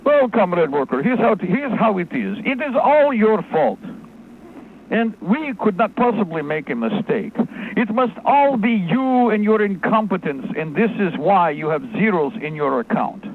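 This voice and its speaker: Guy putting on a smug soviet-style office clerk, slow and snooty, tinny phone-line sound with a little hiss. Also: sits high, sing-song. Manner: slow, condescending, clipped formal speech. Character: cold male government bureaucrat, mock-Soviet, smug. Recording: tinny phone-line audio, faint noise.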